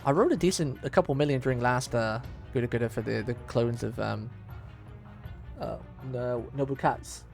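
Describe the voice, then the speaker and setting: A man's voice: mid-range voice, moderate pace, vocal fry, darkish tone, faint music behind. Casual young man with a sore throat. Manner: casual, rambling with fillers. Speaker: streamer. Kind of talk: live stream reading a game aloud.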